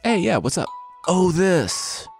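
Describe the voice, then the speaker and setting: A man's voice: sits high, sing-song, slow pace, gravelly, soft background music, voice pushed up, full character voice. A man voicing a sardonic female she-demon wife who talks in flippant, dry modern slang. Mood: breezy.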